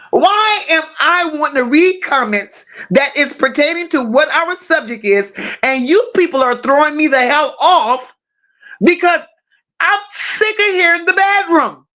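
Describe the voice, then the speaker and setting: A woman's voice: sits high, expressive, takes it slowly, a bit bright. A woman hosting a livestream, reading viewers' comments aloud and firing back with profane, teasing banter. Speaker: livestream host. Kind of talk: casual live chat reading comments.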